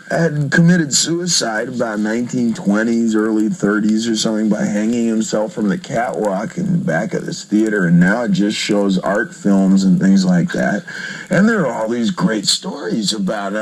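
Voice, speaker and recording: A man's voice: medium pitch, breathy edge, poor audio. A man spins a long, joking story in a casual interview, laughing as he goes. His voice sits mid-range, and the sound is that of an old vintage interview record. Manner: joking, animated storyteller who laughs often. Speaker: rock singer being interviewed.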